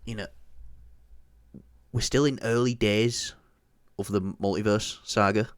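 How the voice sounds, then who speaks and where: Low-voiced crude joking man. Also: steady tone, measured pace, no echo, clean studio sound. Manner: crude, jokey, swears freely. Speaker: podcast co-host. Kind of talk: casual movie news chat.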